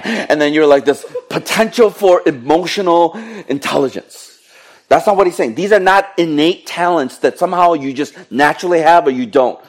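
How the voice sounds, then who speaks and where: Middle-aged male preacher, lively and joking, talks straight to the congregation. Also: on the high side, moderate pace. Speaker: pastor. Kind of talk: sermon.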